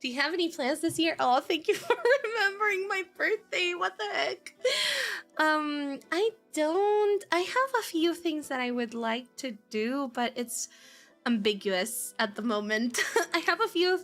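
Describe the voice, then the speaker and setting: Woman streamer, non-native English speaker, shy, giggly, high voice, very lively pitch, bright tone. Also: measured pace, soft background music. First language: not English. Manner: giggly and shy, laughs often, many fillers. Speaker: streamer answering chat questions. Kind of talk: casual live-stream Q&A.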